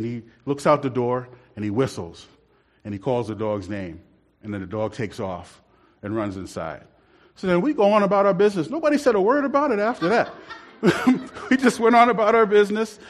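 A man telling a rambling church story in a casual, laughing way. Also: fairly high pitch. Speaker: church member telling a testimony.

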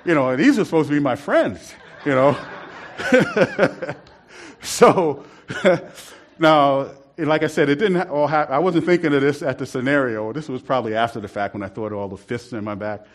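A man's voice: fairly high pitch, normal speed. A man telling a rambling church story in a casual, laughing way. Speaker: church member telling a testimony.

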